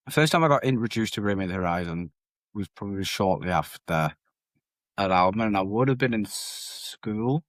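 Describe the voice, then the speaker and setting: A man's voice: fairly low pitch, lively intonation, measured pace, pauses often, dry recording. A man in his thirties co-hosting a casual podcast, talking in a laid-back, rambling way with casual swearing. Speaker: podcast co-host. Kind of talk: casual chat.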